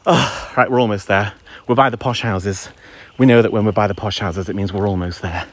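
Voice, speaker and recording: A lowish, steady-toned male voice that runs a little fast. He's chatting casually while walking his dog in the woods, livestreaming on a handheld phone, ranting here and there with some playful crude language.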